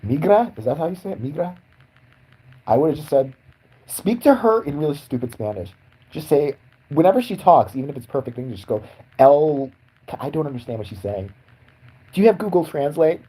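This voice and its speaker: Young guy podcast host, mellow raspy voice, swearing and mocking nonstop. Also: medium pitch, lively intonation, fairly quick, low-quality recording. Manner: profane, sarcastic, mocking. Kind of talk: crude comedic rant.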